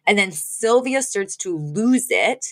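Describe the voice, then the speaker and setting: A woman's voice: mid-range voice, lively intonation, takes it slowly, fairly bright tone. A woman co-hosting a podcast, recapping an episode in casual chat, full of fillers and laughs. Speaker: podcast co-host.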